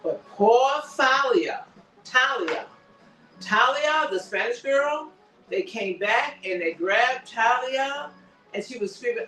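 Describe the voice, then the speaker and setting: A man hosting a casual TV recap chat, animated and acting out characters' lines as he retells scenes. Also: very high voice, takes it slowly, faint music behind. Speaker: show host. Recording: echoey room, distant mic.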